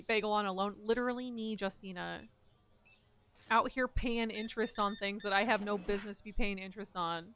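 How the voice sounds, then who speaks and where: A woman's voice: mid-range voice, steady tone, brisk, a bit bright, clean tone. A sick woman streamer with a nasal, congested voice, chatting casually and rambling with viewers while playing a game, swearing now and then.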